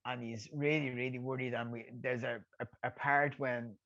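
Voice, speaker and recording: A man's voice: mid-range voice, little pitch movement, moderate pace, sharp tone, lo-fi sound. A middle-aged Irish man, a guest telling stories in a rambling way, repeating words and laughing at his own tales. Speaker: guest, former boxer. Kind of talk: casual storytelling.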